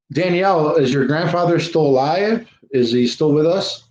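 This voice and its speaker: A man with a slightly high, darkish voice hosts a livestream, ranting casually and driving his points home through emphatic repetition. The audio is roomy, dull, and lo-fi.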